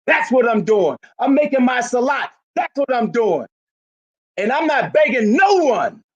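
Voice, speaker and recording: A man in his eighties giving an impassioned public speech at a community rally, forceful and emphatic, often breaking into shouts. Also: extremely high pitch, big pitch swings, a little slow, muffled recording. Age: 80s.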